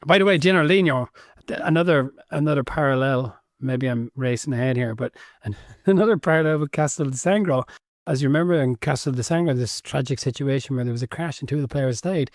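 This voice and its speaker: A man's voice: mid-range voice, brisk, dry recording, clean studio sound. A man co-hosting a casual book podcast, often restarting and repeating words as he hedges his points. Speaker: podcast co-host. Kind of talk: casual book-club chat.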